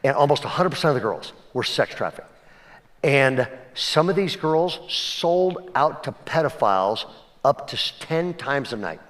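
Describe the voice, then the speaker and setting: A male pastor giving a conversational sermon, swinging between emphatic and hushed delivery and often checking in with his listeners. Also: mid-range voice, lively intonation, unhurried. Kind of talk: sermon storytelling.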